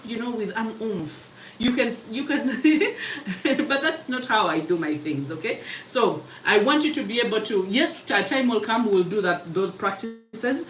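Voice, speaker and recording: Lady coaching public speaking live, quick and punchy, echoey room, bit far from the mic. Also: medium pitch, a bit bright, slight background noise. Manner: fast, emphatic, chatty, laughs easily. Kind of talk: live mentorship session, reading comments. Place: live online session.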